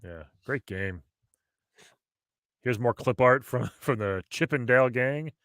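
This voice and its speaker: A man in his forties hosting a retro gaming chat, enthusiastic and quick to laugh. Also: mid-range voice, a bit bright, no echo, studio quality. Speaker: podcast host. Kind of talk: casual chat.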